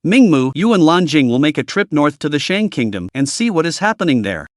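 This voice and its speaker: A man voicing a cold, commanding monk master in a narrated story, speaking in a flat, measured way. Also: a little high, no echo, clean studio sound.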